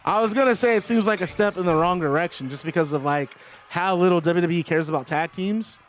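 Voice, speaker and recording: A man's voice: high-pitched, fairly quick. A man calling a simulated wrestling match in casual play-by-play, rambling between the moves and answers to chat.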